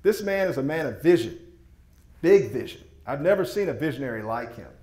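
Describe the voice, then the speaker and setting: A fairly high-pitched man pitches to a room with a lively, swooping delivery. He is emphatic and folksy, and his voice bounces around an echoey meeting room. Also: fairly quick. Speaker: presenter. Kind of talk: sales presentation with slides.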